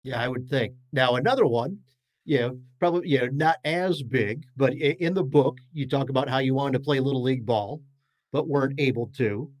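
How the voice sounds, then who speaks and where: A man's voice: medium pitch, brisk, dry recording. A man hosting an interview, asking long questions with some hesitant repeats. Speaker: host.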